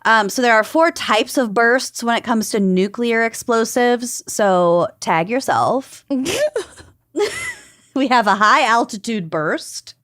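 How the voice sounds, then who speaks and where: A woman's voice: a little high, slow pace, fairly bright tone, dry recording, clean studio sound. Joking woman reading out research. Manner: loose and joking, lots of "like" fillers. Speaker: podcast co-host. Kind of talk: casual chat, explaining research notes.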